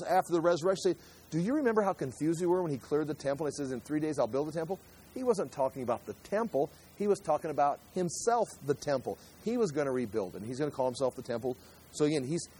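A man's voice: on the high side, a little mellow, slightly rough. A man preaching a sermon, explaining scripture in a conversational way and acting out the people he quotes. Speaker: pastor.

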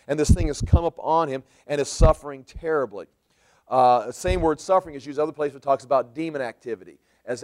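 A man preaching a sermon in a church, explaining scripture verse by verse and rephrasing points as he goes. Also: medium pitch. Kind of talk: sermon, verse-by-verse Bible teaching.

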